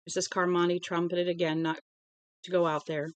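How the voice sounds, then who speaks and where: A woman's voice: on the low side, level tone, fairly quick, no room sound. A woman casually reading a novel aloud at home, now and then stumbling over words and correcting herself. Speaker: storybook reader.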